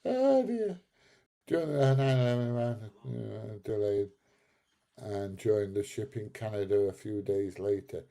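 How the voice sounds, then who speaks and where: A man's voice: lowish voice, steady tone, unhurried, creaky, dark tone. A man in his seventies hosting a live stream, reading out chat comments and bantering back at trolls with frequent laughs. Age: 70s. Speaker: livestream host reading chat.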